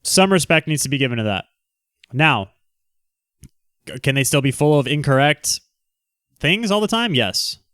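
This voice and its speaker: A man's voice: on the high side, expressive, normal speed, pauses often, fairly bright tone, clean tone, dry recording, studio quality. A man hosting a casual livestream, reading the chat aloud and answering in a brash, teasing, joking way. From Southern California.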